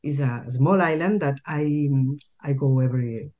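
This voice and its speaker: A woman's voice: sits low, unhurried, a little mellow, muffled recording. A Spanish-accented woman whose first language is Spanish, telling a story as a guest in an interview and often repeating words as she searches for the English. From Spain.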